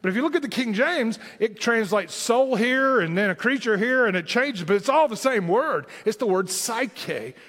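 Animated Southern Tennessee preacher man. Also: extremely high pitch, moderate pace, hardly any pauses, in a large hall. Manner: animated preaching with emphatic rising lines. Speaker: pastor. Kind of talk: sermon.

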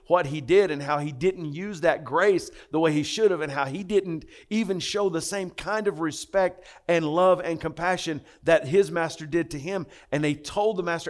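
Male pastor, emphatic, impassioned sermon delivery, slightly high pitch. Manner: impassioned, emphatic preaching with repetitions.

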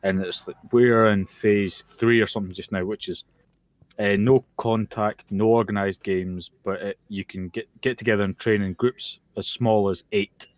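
Scottish male co-host, lowish voice, dry close mic, laid-back and profane. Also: steady tone, moderate pace, no echo. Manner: sweary, tired and yawning. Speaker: podcast co-host. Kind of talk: casual chat. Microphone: computer mic over a voice call.

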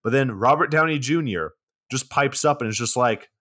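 A man's voice: medium pitch, fairly quick, a bit bright. A man in his twenties co-hosting a podcast, casually recapping a film's plot with plenty of swearing and filler words. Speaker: podcast co-host.

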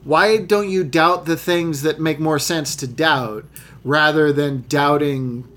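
Rambling man, slightly higher voice. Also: takes it slowly. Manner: rambling, restarts, animated storytelling. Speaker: actor. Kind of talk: casual podcast chat.

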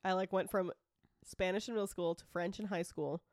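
A woman's voice: lowish voice, steady tone, fairly quick, dry recording, clean studio sound. A woman co-hosting a podcast in casual chat, giggly and self-deprecating. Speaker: podcast co-host.

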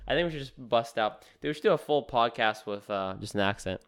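A young man co-hosting a casual podcast, rambling and halting with many restarts. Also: mid-range voice, a bit bright, smooth. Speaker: podcast co-host.

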